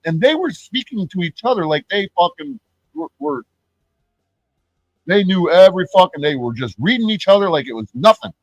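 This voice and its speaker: A man's voice: sits high, very animated, normal speed, no echo, lo-fi sound. Profane ranting streamer man. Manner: profane, rambling, mocking; repeats and restarts words. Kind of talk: ranting live-stream commentary.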